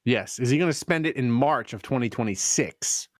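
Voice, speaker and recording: A man's voice: medium pitch, moderate pace, no room sound, studio quality. A man co-hosting a sports podcast, joking around and asking questions with plenty of filler words. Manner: joking, animated, lots of filler "like". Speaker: podcast co-host. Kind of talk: casual podcast banter.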